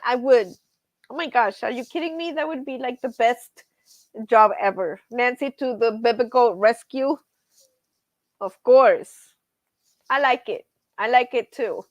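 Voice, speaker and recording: A woman hosts a casual evening livestream, chatting freely and reading her viewers' comments aloud. Her voice sits a little high, and she tells stories animatedly with frequent laughter. The sound is close and dry. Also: no room sound. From grew up on a ranch. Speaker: livestream host.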